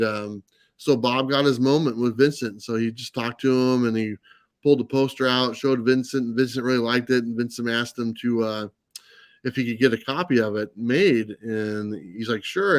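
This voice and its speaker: A man's voice: medium pitch, fairly even intonation, moderate pace, no echo. A man telling a long anecdote in a casual livestream chat, full of fillers and restarts. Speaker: comics channel host. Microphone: live stream mic.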